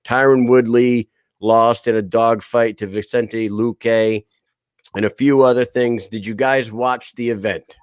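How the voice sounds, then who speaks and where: A man's voice: medium pitch, fairly even intonation, clear, resonant tone, no room sound. Male host in his thirties, loose and profane, dry close-miked read. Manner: swears freely, laughs often, quick storytelling. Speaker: podcast host. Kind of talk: casual chat.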